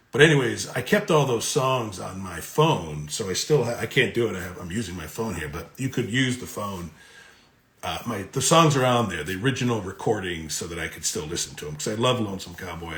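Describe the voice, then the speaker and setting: A man's voice: deep voice, fairly bright tone. A middle-aged man from Connecticut with a New York accent. He is an actor chatting on a live autograph stream, reading fan comments aloud and answering them in a friendly way. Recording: roomy echo.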